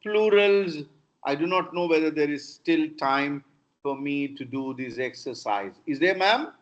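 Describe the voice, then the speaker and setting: A man's voice: on the high side, animated, measured pace. A middle-aged man with an Indian English accent giving an online lecture on pronunciation, repeating words to show how stress shifts. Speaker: professor teaching pronunciation. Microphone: video call. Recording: dull lo-fi video call audio.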